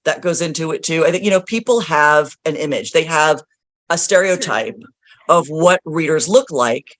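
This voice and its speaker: A woman's voice: low voice, normal speed, no echo. A woman hosting a podcast interview, friendly and a bit teasing. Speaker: podcast host. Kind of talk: interview chat.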